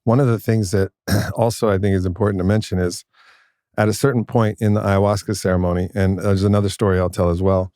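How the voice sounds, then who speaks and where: A man hosting a conversation, telling a personal story in an animated way and acting out the voices he quotes. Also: fairly low pitch, quick pace, no echo, clean studio sound.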